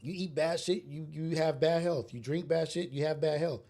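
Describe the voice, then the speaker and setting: A man's voice: fairly high pitch, fairly even intonation, moderate pace, dark tone. A man hosting a solo podcast, ranting bluntly and preachily with street slang and cursing. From raised in a rough urban neighborhood. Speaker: podcast host. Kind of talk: casual solo podcast monologue.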